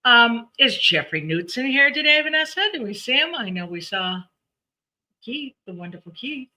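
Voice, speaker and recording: Woman numerologist host, very bright tone, chatty and animated on a live stream. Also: a little high, normal speed. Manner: chatty, animated, laughs often. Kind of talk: live-stream chat and readings.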